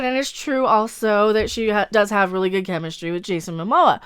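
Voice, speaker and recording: A woman's voice: medium pitch, a little fast, hardly any pauses, clear, resonant tone. A woman giving rambling, sarcastic and opinionated commentary as an online commentator.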